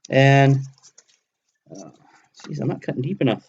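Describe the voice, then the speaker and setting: A man's voice: medium pitch, expressive, a little slow, pauses often, a little mellow, breathy edge. A man in his thirties casually streaming live from his hobby table at home, talking himself through each step as he builds. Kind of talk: casual live-stream commentary while crafting.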